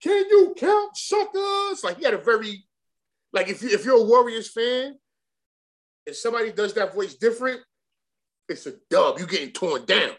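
A man's voice: high voice, expressive, moderate pace, pauses often, fairly bright tone. Profane, rambling New man. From Brooklyn, New York. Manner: profane, rambling, with many restarts and slang. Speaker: guest rapper. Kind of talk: casual storytelling interview.

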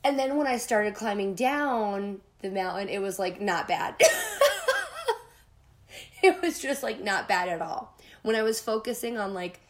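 A woman's voice: mid-range voice, unhurried. A woman hosting a podcast, telling a personal story in a candid, casual way, swearing freely and acting out her own panic in quoted lines. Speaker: podcast host.

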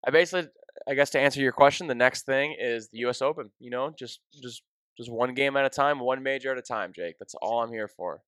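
A young man hosting a podcast, telling an emotional story in a casual, excitable way, full of "dude" and "like.". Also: mid-range voice, fast, no echo. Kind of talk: casual chat.

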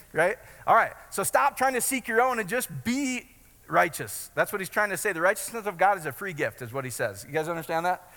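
A man preaching with a high, bright, sharp voice, chatty and joking, then building up to bold declarations. His words ring out through a big hall with a long reverb. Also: animated, normal speed. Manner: conversational preaching with jokes and rising shouts. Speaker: pastor. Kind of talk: sermon.

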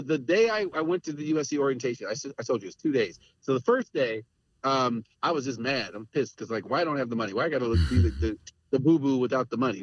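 A man's voice: on the high side, dry recording. A middle-aged man telling candid personal stories as a podcast guest, earnest and reflective, laughing between points. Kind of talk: candid conversational storytelling. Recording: dry, dull lo-fi audio.

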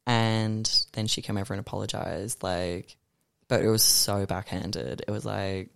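A young man, chatting animatedly as a podcast guest, swearing freely and reading poems with slow force. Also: lowish voice, steady tone, creaky, dry recording, studio quality. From Australia. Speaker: guest artist and poet. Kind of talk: casual podcast chat.

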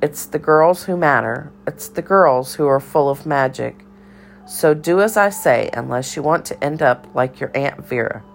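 A woman's voice: low-pitched, a little slow, gravelly, soft background music. A woman voicing an eccentric older cafeteria lady who speaks in riddles and scolds in a theatrical sing-song. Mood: bossy.

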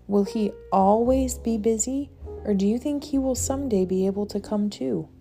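A woman reading aloud, voicing a timid little boy rabbit on a pilgrimage, speaking softly and wistfully. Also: mid-range voice, normal speed, faint music behind, close to an everyday voice.

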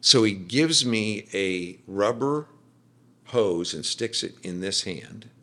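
Man, middle-aged, podcast guest, faith testimony, forceful, animated storytelling. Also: on the low side, takes it slowly. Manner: animated storyteller, acts out quoted speech. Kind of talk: personal faith testimony in casual conversation.

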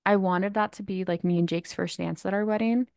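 A woman's voice: mid-range voice, steady tone, a little fast, gravelly, darkish tone, no room sound. Chatty young woman, dry close sound. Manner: chatty, lots of "like", laughs. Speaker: podcast co-host. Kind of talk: casual chat.

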